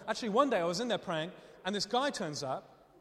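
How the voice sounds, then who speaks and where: A man preaching a sermon, telling stories in an animated way and laughing often as he speaks. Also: sits high, moderate pace. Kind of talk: sermon with storytelling. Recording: long reverb of a hall.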